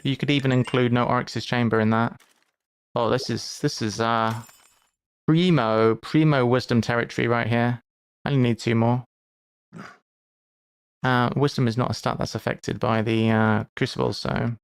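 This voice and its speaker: A man's voice: mid-range voice, steady tone, moderate pace, gravelly, pauses often, clear, resonant tone. A man giving live commentary while he plays a game, chatty and thinking aloud, with playful asides. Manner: playful asides and mock lectures. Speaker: game streamer.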